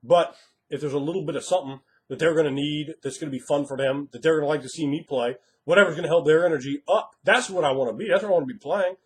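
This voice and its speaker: A man's voice: fairly high pitch, fast talker. Emphatic man giving tabletop game advice. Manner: emphatic, acts out quoted players and game masters. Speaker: game master. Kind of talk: casual advice monologue.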